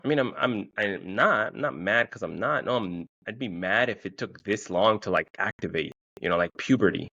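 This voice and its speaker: A man, hosting a casual solo podcast and telling a story with lots of swearing, jumping into a higher, excited voice when he quotes himself. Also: moderate pace, hardly any pauses, no room sound, dull audio. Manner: profane storytelling, quoting himself in a raised, excited voice. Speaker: podcast host.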